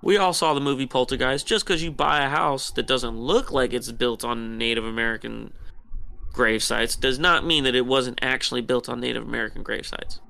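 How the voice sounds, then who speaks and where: A man's voice: medium pitch, creaky, sharp tone, clear, resonant tone. A man co-hosting a podcast, talking in a heated, profane rant. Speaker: podcast co-host. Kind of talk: casual podcast chat.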